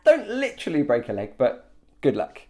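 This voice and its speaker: A young man hosting a casual interview, upbeat and chatty with quick asides. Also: mid-range voice, huge pitch swings, warm tone. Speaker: host.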